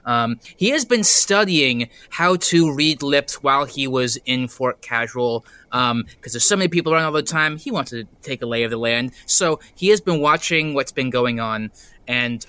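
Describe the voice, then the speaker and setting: Male player, rambling narration; bright voice, dry mic. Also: mid-range voice, normal speed, smooth, no echo. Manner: rambling, filler-heavy. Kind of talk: describing his character's actions.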